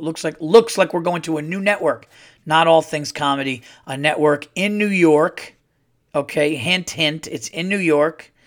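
In a casual solo podcast episode, a man with a medium-pitched, slightly bright voice rants in a worked-up way. He rambles and curses freely as the host.

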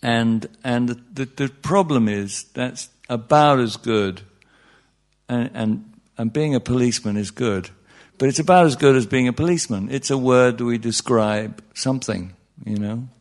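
A man's voice: medium pitch, a little slow, darkish tone. A man teaching meditation to a live audience in an informal talk, chatty and wry, often restarting sentences and asking the room questions. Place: speaking in front of a room of listeners.

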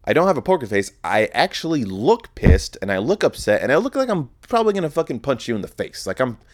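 A young man tells a long, rambling story, swearing freely as he goes. His pitch leaps up and drops back down through the telling, and he sits at a middling pitch for a man. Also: quick pace. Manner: profane, rambling, animated storytelling. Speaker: podcast host. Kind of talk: casual storytelling monologue.

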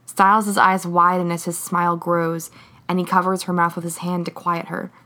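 A woman reading a romance story aloud in a measured, even way. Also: fairly low pitch. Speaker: reader. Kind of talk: reading fan fiction aloud.

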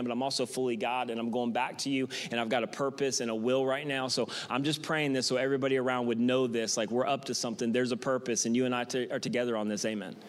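A man's voice: very high voice, full character voice. A man voicing Jesus in a sermon, earnest and reassuring, repeating his promises.

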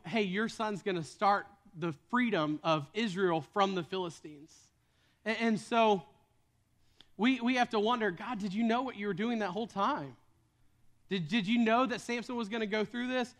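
A man's voice: high-pitched, fairly bright tone. A young man preaching a sermon with earnest storytelling, often repeating words as he starts sentences. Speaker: pastor.

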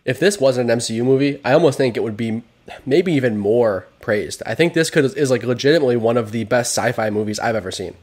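A man's voice: mid-range voice, breathy edge. A man co-hosting a movie podcast, talking casually and animatedly, often laughing. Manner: animated, quick, laughing storyteller. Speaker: podcast co-host. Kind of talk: casual chat.

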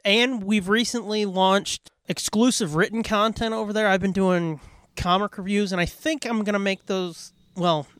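A man's voice: high voice, fairly even intonation, normal speed, fairly bright tone, smooth, no echo, clean studio sound. A man hosting a podcast, casually plugging links and swearing as he rambles. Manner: profane, rambling, laid-back. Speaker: podcast host. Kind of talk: casual podcast outro with plugs.

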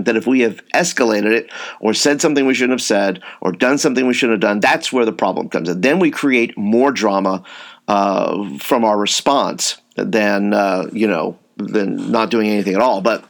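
A man giving an informal training talk to youth workers, rambling, with frequent fillers and repeated words. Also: fairly low pitch. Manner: says he tends to raise his voice.

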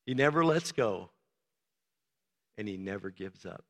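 A man preaching a sermon as pastor, swinging from soft, low talk to loud, emphatic shouting. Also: lively intonation, unhurried. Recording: long reverb of a large hall.

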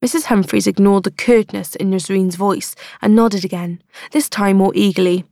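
A female audiobook narrator reading a family drama. Her delivery is measured and even, at a middle pitch. The recording is dry and close, with no room sound. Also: no room sound. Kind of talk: scripted narration.

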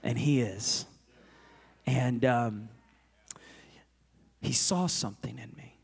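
A man in his thirties preaching as a guest pastor, telling a story with passion and swinging between loud and hushed. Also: medium pitch, slow, gravelly, breathy edge. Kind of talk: sermon. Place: large church auditorium. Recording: long reverb of a large hall.

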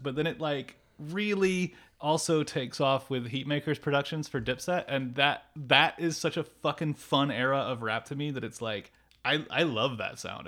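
A man's voice: on the high side, fairly bright tone. A man co-hosting a podcast in casual chat, rambling, swearing freely and trailing off mid-thought. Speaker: podcast co-host.

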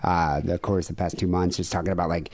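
A man's voice: low voice, quick pace. A man hosting a podcast, chatting casually and sounding incredulous. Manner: animated, incredulous. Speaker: podcast host. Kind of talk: casual chat.

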